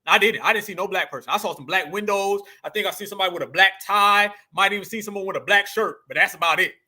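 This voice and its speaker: A man's voice: high voice, fast, bright, forceful tone. A man hosting a political commentary show, ranting emphatically in slangy speech and calling his viewers family.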